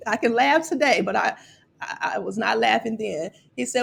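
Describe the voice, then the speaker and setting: Gravelly-voiced woman telling a personal story. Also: a little high, moderate pace. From Chicago. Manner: candid, emotional, repeats words when moved. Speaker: college financial aid vlogger.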